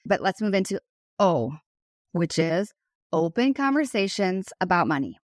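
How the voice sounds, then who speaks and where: A woman's voice: fairly low pitch, big pitch swings, moderate pace, no echo, studio quality. A woman in her thirties hosting a solo podcast. She speaks as a financial advisor, earnest and passionate.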